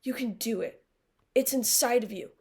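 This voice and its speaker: A young woman mockingly voicing a dithering teenage girl who stalls in danger, in a slow, overly earnest way. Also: a little high, darkish tone, close to an everyday voice.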